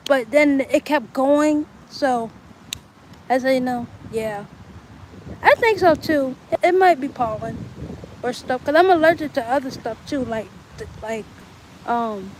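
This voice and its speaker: Chatty young woman, high voice. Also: slight background noise, low-quality recording. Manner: rambling, chatty, talks to viewers. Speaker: livestreamer. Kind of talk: casual livestream chat. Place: outdoors in bright sun.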